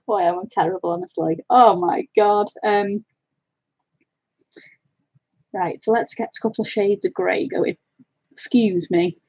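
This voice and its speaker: A woman hosting a colouring live stream, talking to her viewers in an emotional, halting way with many restarts. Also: mid-range voice, expressive, warm tone, husky, no echo, highs cut off. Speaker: colouring channel host.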